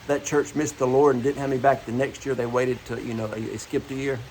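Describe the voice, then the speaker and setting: A man's voice: mid-range voice, level tone, brisk, darkish tone, a little hiss or hum, poor audio. A man preaching a morning devotional, earnest and repeating his key phrases as he tells personal stories.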